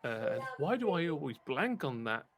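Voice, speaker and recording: A man's voice: fairly high pitch, big pitch swings, normal speed. A British man narrating a tabletop game as game master, rambling with many fillers and restarts.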